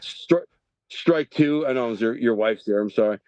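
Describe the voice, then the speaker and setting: A man's voice: mid-range voice, moderate pace, darkish tone, smooth, dry recording, highs cut off. A middle-aged man from Detroit, telling a rambling story in a podcast interview and often restarting his sentences. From Detroit, Michigan. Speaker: podcast guest.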